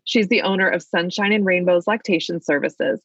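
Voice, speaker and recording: Baltimore-accented woman podcast co-host, husky. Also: on the low side, normal speed, no echo, lo-fi sound. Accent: Baltimore, Maryland. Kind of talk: casual podcast chat.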